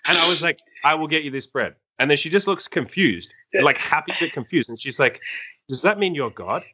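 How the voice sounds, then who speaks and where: A young man, a coach, telling a story in casual chat, animated and laughing, with many fillers. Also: a little high, a little fast, slightly rough.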